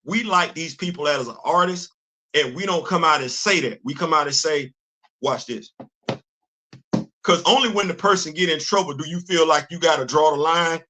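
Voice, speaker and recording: Older guy ranting on his stream, voice up high, keeps restarting words. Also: normal speed, slight background noise. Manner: animated, repeats words when he starts a sentence. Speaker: host. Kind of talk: livestream commentary.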